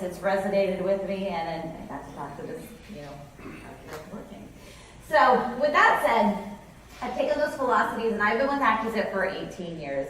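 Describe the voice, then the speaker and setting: A woman's voice: medium pitch, slight background noise. A woman in her forties giving a conference keynote, telling stories in a chatty way with restarts. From California. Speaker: company president giving keynote. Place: conference hall. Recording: echoey hall, mic from a distance.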